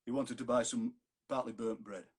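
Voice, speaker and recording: A man's voice: medium pitch, steady tone, normal speed, a little mellow, husky. A man with a Yorkshire accent, a poet chatting and reading his sonnets aloud on a video call. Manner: chatty, jokey, reads verse aloud. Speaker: poet reading at an online fundraiser. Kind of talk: poetry reading with chat.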